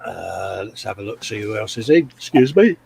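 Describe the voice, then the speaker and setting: A man's voice: lowish voice, big pitch swings, moderate pace, vocal fry, a little mellow, slight background noise. A man hosting a casual live stream from a home workshop, reading out viewer comments and chatting. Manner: laid-back, reads out viewer comments. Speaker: host.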